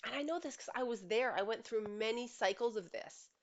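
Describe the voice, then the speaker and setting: A woman's voice: a little high, brisk, dull audio. A woman relationship coach giving earnest, emphatic advice straight to camera, often asking rhetorical questions. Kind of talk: direct-to-camera advice monologue.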